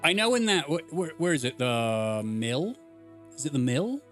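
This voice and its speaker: A man's voice: a little high, big pitch swings, moderate pace, fairly bright tone, faint music behind. A young man streaming a game, chatting casually and swearing, laughing at the chaos. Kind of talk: casual gameplay commentary.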